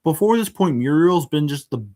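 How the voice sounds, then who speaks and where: A man's voice: a little high, expressive, moderate pace, mellow. A man hosting a casual spoken review, hesitant, with many filler words and restarts, and frank and exasperated in tone. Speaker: show reviewer.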